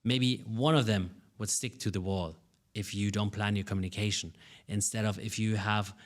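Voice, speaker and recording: A man with a lowish voice answers interview questions about his work as a public speaking coach. He talks with lively energy and often stumbles over his first words before finding his point. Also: moderate pace. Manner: energetic, animated, repeats words when starting sentences.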